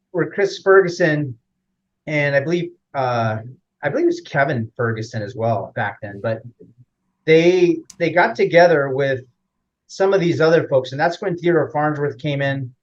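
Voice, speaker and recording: A man's voice: on the high side, dull audio. A man as an interview guest, explaining at length in a rambling casual way with frequent fillers and restarts.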